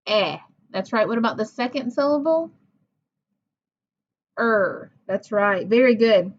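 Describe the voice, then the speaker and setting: A woman teacher leading a phonics lesson for young children. She talks slowly and patiently, sounding out words and praising each answer. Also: fairly high pitch, animated. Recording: dull lo-fi recording.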